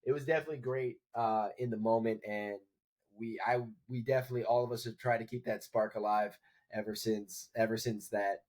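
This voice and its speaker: A man's voice: fairly low pitch, fairly even intonation, a little fast, a little mellow. A man co-hosting a podcast, talking in a loose, rambling way with many restarts. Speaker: podcast co-host. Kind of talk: casual chat.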